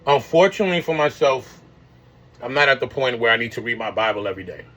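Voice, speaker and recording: Man in his forties, profane slangy vlogger, mid-pitched voice, loose casual monologue. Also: quick pace, a bit bright. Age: 40s.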